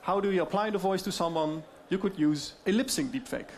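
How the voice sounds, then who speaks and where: A man with a Dutch accent giving a conference talk on deepfakes, explaining in a lively way with many fillers. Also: a little fast. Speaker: speaker on AI deepfakes.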